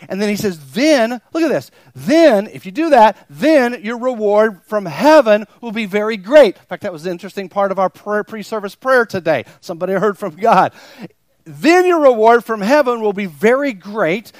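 During a church service, a high-pitched pastor with big pitch swings preaches to his congregation at a moderate pace, with no room sound. He speaks emphatically, repeats phrases to stress them, and often plays out what his listeners might be thinking.

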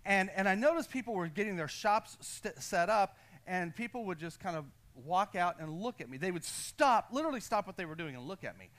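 An American pastor preaching to his congregation in a church, his voice sitting high for a man. He talks in quick bursts with restless energy, laughs at himself and calls on the listeners to answer back. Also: expressive, a bit bright. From United States. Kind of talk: sermon with personal story. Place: church sanctuary.

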